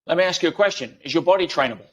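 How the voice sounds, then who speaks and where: A man's voice: fairly high pitch, lively intonation, racing, fairly bright tone, muffled recording. A man guest in an interview, explaining ideas emphatically through everyday analogies. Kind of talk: conversational interview.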